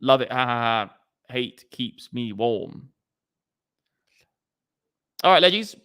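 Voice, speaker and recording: A man's voice: mid-range voice, animated, slow pace, sharp tone, smooth. A man hosting a casual crypto trading chat, bantering and swearing with laughs. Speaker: host of a crypto trading show.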